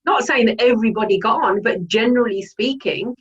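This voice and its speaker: A woman's voice: fairly high pitch, fairly quick, highs cut off. A woman hosting an interview, encouraging her guest and sharing her own memories. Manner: encouraging, affirming. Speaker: host. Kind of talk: interview chat.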